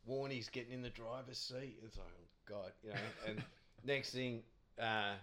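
A man's voice: mid-range voice, steady tone, moderate pace, fairly bright tone. A man, a podcast guest telling cricket anecdotes in a rambling, chatty way, laughing often.

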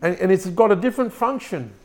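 Before a congregation in a church room, a fast-talking pastor with a high voice delivers his sermon, often stumbling back to repeat or restart words and turning to ask the congregation questions.

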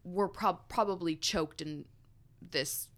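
A woman's voice: lowish voice, takes it slowly, fairly bright tone. A woman co-hosting a casual podcast, recapping a book chapter in a chatty way and laughing often. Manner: chatty, laughs often while recounting the story. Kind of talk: casual chat.

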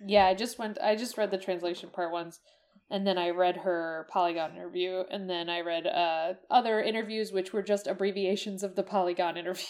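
A woman's voice: fairly low pitch, fairly even intonation, brisk, darkish tone. A woman co-hosting a podcast, chatting casually as she recaps a video game, with frequent ums and restarts. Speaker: podcast co-host.

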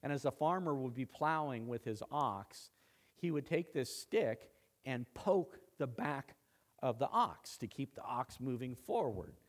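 A man's voice: mid-range voice, lively intonation, unhurried. A male pastor preaching a sermon, dramatic and conversational, acting out quoted lines and making asides. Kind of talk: expository sermon.

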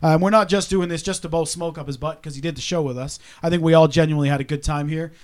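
A man's voice: a little high, steady tone, fast talker. A man from Canada co-hosting a podcast, chatting casually and joking with his co-hosts. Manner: joking, playful banter. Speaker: podcast co-host. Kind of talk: casual chat.

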